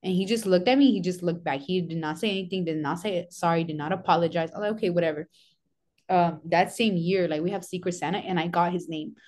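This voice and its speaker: A young woman with a slightly low voice, chatting casually as a podcast guest. She talks bluntly and tells stories, drops in a curse now and then, and switches into Spanish phrases mid-sentence. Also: quick pace, darkish tone.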